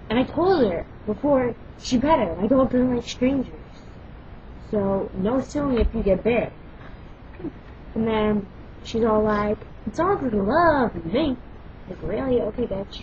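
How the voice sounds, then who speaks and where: A young woman vlogging casually, loud and brash, swearing freely and rambling through quick stories. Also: a little high. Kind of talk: casual chat and storytelling. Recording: lo-fi home recording with background noise.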